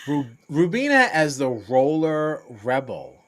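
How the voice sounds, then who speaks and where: A man's voice: fairly high pitch, big pitch swings, a little slow, fairly bright tone. A man co-hosting a casual reality-TV podcast, dry and jokey as he reads out captions. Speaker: podcast co-host. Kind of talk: casual chat.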